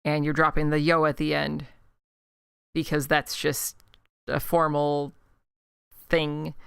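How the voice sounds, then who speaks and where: A woman's voice: low voice, completely flat delivery, creaky, a bit bright, clear, resonant tone, no echo, studio quality. A woman from Chicago with a Chicago accent, chatting casually and rambling into a desk mic while livestreaming a game. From Chicago, United States. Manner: chatty and rambling, quick self-mocking asides. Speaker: streamer. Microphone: desk microphone.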